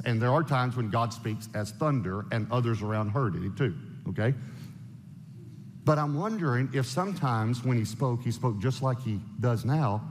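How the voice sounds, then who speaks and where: A man preaching a sermon, emphatic and animated, firing off rhetorical questions. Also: mid-range voice. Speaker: pastor. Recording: long hall reverb.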